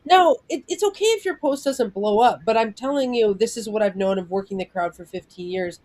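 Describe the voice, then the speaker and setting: A woman's voice: medium pitch, animated, brisk, darkish tone. A woman producer leading a casual planning meeting over a video call, talking in a chatty way with many fillers. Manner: chatty, full of "like" fillers, acts out quotes.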